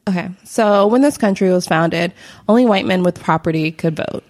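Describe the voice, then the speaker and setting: A woman's voice: lowish voice, moderate pace, darkish tone. A woman co-hosting a podcast, explaining history in a rambling casual chat with many fillers and frequent laughter. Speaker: podcast co-host.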